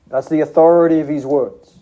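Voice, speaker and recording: A man preaching a sermon to his church, speaking in an earnest, measured teaching manner with frequent restarts. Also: fairly high pitch, fairly even intonation, dark tone, lo-fi sound.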